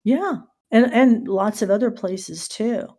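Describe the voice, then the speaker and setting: A middle-aged American woman hosting a casual podcast, telling stories with lively asides and spelling out words letter by letter. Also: fairly high pitch, slow. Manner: animated storyteller who spells out words letter by letter. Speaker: podcast host.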